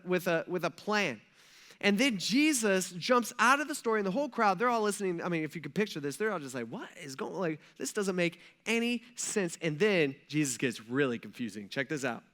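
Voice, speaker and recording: Male pastor with a high, ringing voice, preaching a casual, story-driven sermon. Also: animated, brisk, fairly bright tone. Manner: casual storytelling with slang and frequent asides; addresses the congregation directly. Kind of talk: conversational sermon.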